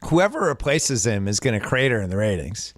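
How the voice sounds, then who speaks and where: A man hosting a podcast, chatting casually about sports and trading quick jokes. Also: on the low side, big pitch swings, no echo, studio quality. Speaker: podcast host.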